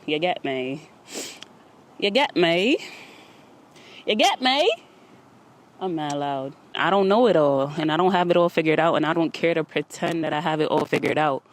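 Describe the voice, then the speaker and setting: A woman's voice: low-pitched, steady tone, brisk, few pauses. Woman host, chatty motivational monologue, slightly winded, recorded outside. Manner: chatty, repeats "you get me?". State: a little out of breath. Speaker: podcast host. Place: outdoors.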